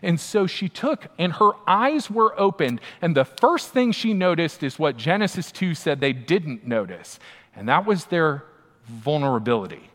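A man, a pastor, preaching a sermon in a conversational, emphatic way, often turning to the listeners with quick asides. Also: on the high side, sing-song, fairly bright tone. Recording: long hall reverb.

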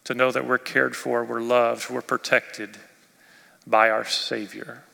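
A male pastor preaching a sermon expressively, rising in force and dropping to near quiet. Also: mid-range voice, little pitch movement, takes it slowly, gravelly. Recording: long reverb of a church hall.

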